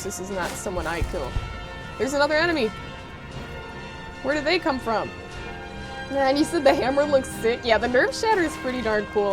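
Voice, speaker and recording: A woman streamer chatting casually while playing a game, reacting loudly and reading chat messages aloud, with game music behind her. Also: a little high. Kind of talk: casual live gameplay chat.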